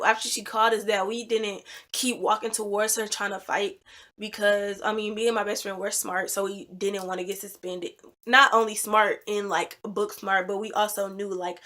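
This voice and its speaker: A young woman vlogger telling a personal story in a casual, animated and emphatic way. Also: medium pitch. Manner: animated, emphatic storytelling with loud reenacted quotes. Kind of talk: storytime vlog.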